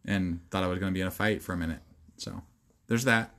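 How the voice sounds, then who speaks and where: A man's voice: sits low, quick pace, fairly bright tone. Laid-back sarcastic man co-hosting a podcast. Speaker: podcast co-host. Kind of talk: casual chat.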